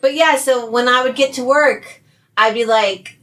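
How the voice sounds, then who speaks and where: This is a woman in her fifties co-hosting a podcast in relaxed, casual chat. Her voice sits fairly high and she talks freely, laughing often and cursing without a second thought. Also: measured pace. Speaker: podcast co-host.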